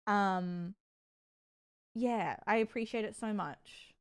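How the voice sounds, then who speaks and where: A woman's voice: on the high side, normal speed, clear, resonant tone. A young woman streaming, chatting casually with her viewers, giggly and rambling, blurting out crude jokes. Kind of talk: casual livestream chat.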